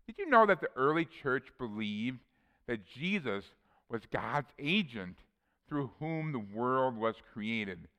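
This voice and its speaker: A man's voice: mid-range voice, big pitch swings, takes it slowly, a bit bright, smooth. Earnest male preacher in a reverberant hall. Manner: earnest, reads verses aloud, personal asides. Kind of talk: sermon with scripture readings.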